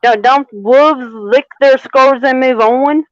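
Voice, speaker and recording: A woman's voice: sits high, slow, no room sound. A woman who is a tarot reader, chatting in a sassy, playful, teasing way during a live reading. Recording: dull, muffled mic.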